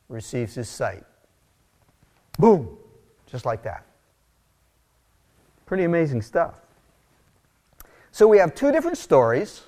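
Middle-aged male pastor, conversational sermon, slightly high voice, animated storytelling. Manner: casual, animated, storytelling with asides.

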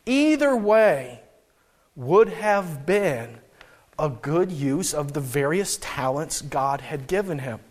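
Male pastor, high voice, conversational sermon, storytelling, church. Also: lively intonation, slow. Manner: casual and storytelling, with frequent restarts. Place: church in New England.

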